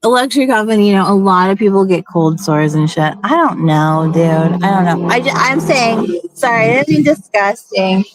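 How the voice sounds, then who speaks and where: A woman's voice: mid-range voice, moderate pace, a crowd in the background. A young woman with a feminine, youthful voice, rambling and laughing often in casual chat as a stream host.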